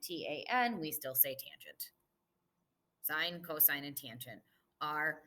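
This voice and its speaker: A woman math teacher talks through a recorded review lesson. Her voice sits on the low side yet sounds bright and crisp. She explains patiently, step by step, as she writes things out. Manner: patient, explaining step by step while writing on the board.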